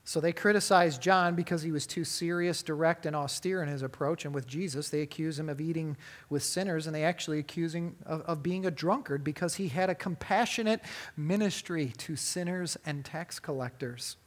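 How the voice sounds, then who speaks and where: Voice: medium pitch, a little fast. Emphatic preacher asking rhetorical questions. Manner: asks the listeners frequent rhetorical questions; emphatic, with wide swings in loudness. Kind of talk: sermon on a Bible passage.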